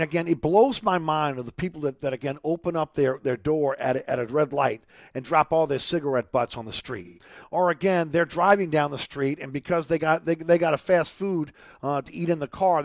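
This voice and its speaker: A man's voice: fairly high pitch, no room sound, studio quality. A middle-aged man, hosting a talk radio show and ranting indignantly, with many stumbles and restarts. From New Orleans.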